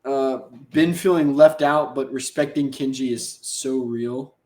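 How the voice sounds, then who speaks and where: A podcast host gives a loose, slangy recap of an episode, jumping into the characters' lines as he goes. His voice sits at a middle pitch. The room around him is echoey. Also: measured pace, mellow.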